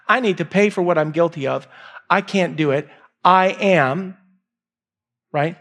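A man preaching a sermon, emphatic and repeating key lines, swinging between raised and hushed delivery. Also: sits high, normal speed, pauses often. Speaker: pastor.

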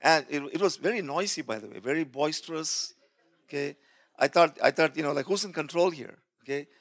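A man's voice: on the high side, brisk, a bit bright. A male pastor telling a personal testimony in a sermon, acting out what others said and often restarting his words. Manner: storytelling, acting out quoted voices with laughs.

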